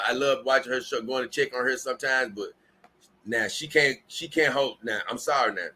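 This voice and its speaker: Reading viewer comments aloud on a casual livestream, a tired man speaks at medium pitch in a pushed, bright way. His talk wanders, and he keeps restarting and repeating himself.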